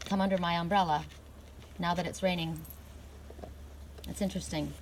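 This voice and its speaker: A middle-aged woman doing an oracle card reading outdoors in the cold, talking earnestly and emphatically with bursts of excitement. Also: on the low side, moderate pace, background noise.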